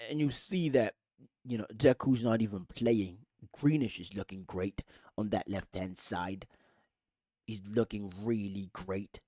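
A man's voice: mid-range voice, dark tone, dry recording. Sweary, ranting man. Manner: angry, sweary, emphatic ranting. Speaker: podcast host. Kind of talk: casual football rant.

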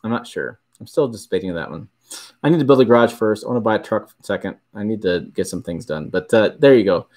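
A man's voice: lowish voice, expressive, fast, darkish tone. Rambling male livestream host. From Michigan. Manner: rambling, self-correcting, chuckles often. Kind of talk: casual livestream chat answering viewers.

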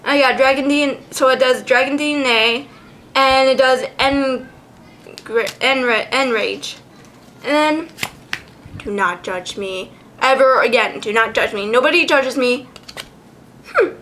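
A woman vlogger chatting casually, giggly and excitable, swearing freely as she goes. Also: high voice, a little slow, long pauses, slight background noise. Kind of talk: casual chat.

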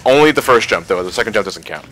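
A man's voice: on the low side, expressive, fast, fairly bright tone, a little hiss or hum. A man giving wry, laughing commentary on a fighting game and explaining its changes. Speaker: gaming channel co-host. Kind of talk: casual let's-play commentary.

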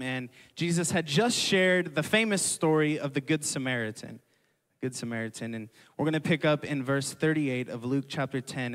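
A young man preaching a sermon, repeating key phrases and asking the crowd to echo them back. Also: on the high side. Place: large church hall. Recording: long hall reverb.

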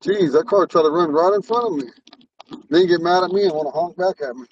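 A man's voice: on the high side, brisk, far from the mic, highs cut off, a little hiss or hum. A man with a lisp, a Ponca language teacher, talking in a rambling, earnest way while he drives. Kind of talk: casual talk while driving. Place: inside a car on the road.

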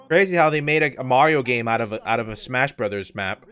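A man's voice: medium pitch, fairly bright tone, clear, resonant tone. A man streaming a video game, commenting casually and swearing often as he reacts. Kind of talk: live gameplay commentary.

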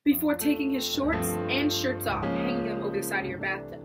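A woman's voice: fairly high pitch, a little fast, loud music behind the voice. A young woman, reading fan fiction aloud and reacting with dramatic shrieks and laughter. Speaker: YouTuber.

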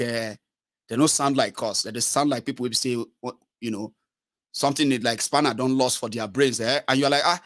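A man's voice: mid-range voice, dry recording, studio quality. A man with a Nigerian accent giving casual political commentary, switching between English, Pidgin and Yoruba. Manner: mixes English with Pidgin and Yoruba, animated mimicry.

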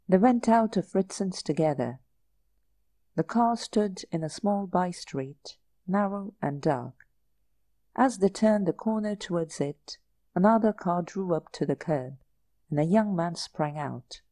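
Slow, mellow-voiced woman narrator. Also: lowish voice, expressive, dry recording. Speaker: audiobook narrator. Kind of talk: audiobook narration.

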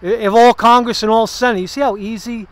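High-pitched male vlogger, walking-and-talking political rant outdoors, loose and profane. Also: steady tone, brisk, dry recording. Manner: rambling, profane, sarcastic asides. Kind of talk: casual political commentary.

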